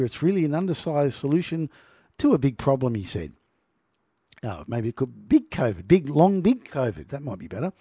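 A man's voice: mid-range voice, warm tone, no echo, studio quality. A middle-aged man reading news aloud and mocking it, laughing often and talking to his listeners. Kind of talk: sarcastic commentary on news.

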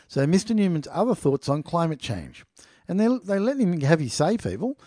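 A man's voice: mid-range voice, warm tone, dry recording, clean studio sound. A man reading a news article aloud and commenting on it in an indignant, mocking tone, often addressing his listeners as "people.". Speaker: online political commentator.

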